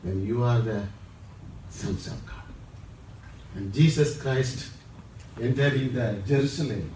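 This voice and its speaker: A man's voice: mid-range voice, measured pace, pauses often, a little mellow, roomy sound, recorded from a distance, a little hiss or hum, low-quality recording. A male pastor with an Indian English accent and a Tamil background, preaching a sermon with emphasis and repeating each phrase. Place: church.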